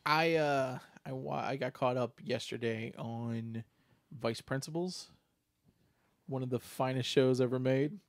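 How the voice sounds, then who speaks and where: A man with a mid-range voice co-hosts a casual podcast talk show, speaking at a measured pace in a dry recording. He chats enthusiastically and rambles, laughing often.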